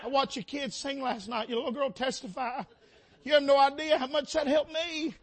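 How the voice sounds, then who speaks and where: A man with an extremely high voice preaches a sermon in a church sanctuary at a moderate pace, his intonation fairly even overall. He's impassioned, rising and falling as he calls out to the congregation.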